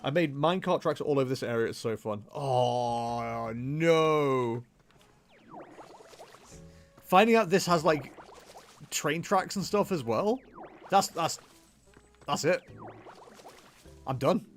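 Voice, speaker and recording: A man's voice: on the high side, lively intonation, normal speed, pauses often, soft background music. A young man chatting casually as he streams a game, rambling and poking fun at himself. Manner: chatty, rambling, self-mocking. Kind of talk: casual gameplay livestream commentary.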